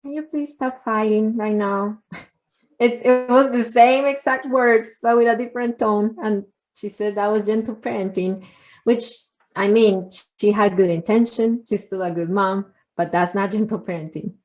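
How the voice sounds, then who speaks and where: A woman who hosts a parenting podcast and teaches parents, explaining her points in a practical, steady way. Her voice sits at a middle pitch. She talks conversationally, as if walking a listener through an example. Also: normal speed, rough recording. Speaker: podcast host and parenting educator.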